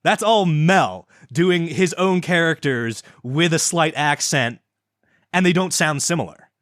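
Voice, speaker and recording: A man's voice: fairly high pitch, lively intonation, a little slow, a bit bright, no echo, studio quality. A young man co-hosting a casual podcast, rambling and stammering, swearing often. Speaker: podcast co-host. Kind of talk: casual chat.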